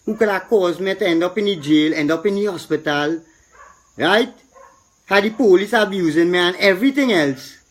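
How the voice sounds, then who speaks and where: Trini man venting, high voice, keeps going over and over it, gets preachy. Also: normal speed. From Trinidad and Tobago. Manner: indignant, repetitive, rising to a preacherly tone. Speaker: citizen speaking out. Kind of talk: impassioned street complaint.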